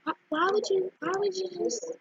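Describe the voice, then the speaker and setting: A young female gaming vlogger chatting casually and giggly over her gameplay, with squealing excited asides. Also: very high voice, normal speed, dull audio, slight background noise. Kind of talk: casual game commentary.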